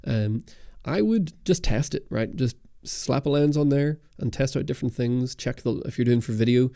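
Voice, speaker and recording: A young man from Ireland and Britain hosts a camera channel's livestream Q&A, reading chat and rambling casually with plenty of ums and restarts. His medium-pitched voice is creaky and mellow, his pace moderate. The studio dynamic mic gives studio-quality sound with no echo.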